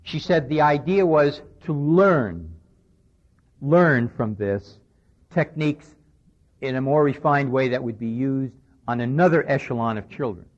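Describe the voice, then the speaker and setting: On a dull, lo-fi 1990s radio recording, a man gives a conversational lecture, recounting a conversation with emphasis. His voice is medium-pitched and animated, at a measured pace.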